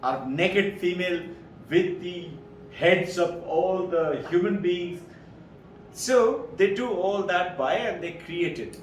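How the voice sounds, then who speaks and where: A man from India, giving an informal, anecdotal spiritual talk. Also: slow. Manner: rambling, anecdotal storytelling. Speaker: spiritual speaker. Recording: echoey room from far off, low rumble.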